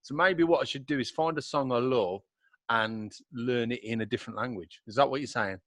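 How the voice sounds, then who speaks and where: A man hosting a podcast interview, cheerful and quick to laugh. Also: mid-range voice, fairly bright tone, no room sound, clean studio sound. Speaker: podcast host. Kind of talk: casual interview chat.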